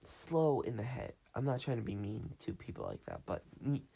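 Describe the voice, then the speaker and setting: Mid-range, mellow and husky with some vocal fry, this podcast host's voice has lively intonation and a moderate pace. Recording on a phone, he meanders through a story, starting over often and performing quotes.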